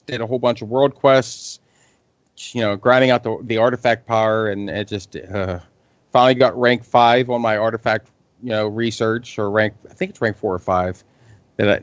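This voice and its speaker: A man's voice: mid-range voice, dry recording. Laid-back man, dry and dull sound. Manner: laid-back, rambling with fillers. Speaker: podcast co-host. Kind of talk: casual chat.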